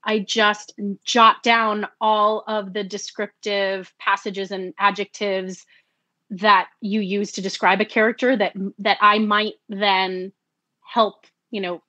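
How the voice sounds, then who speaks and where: A woman's voice: mid-range voice, slow pace, no echo, highs cut off. Chatty woman, dry close sound. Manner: animated, acts out her own quotes, laughs often. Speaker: audiobook narrator. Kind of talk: conversational interview.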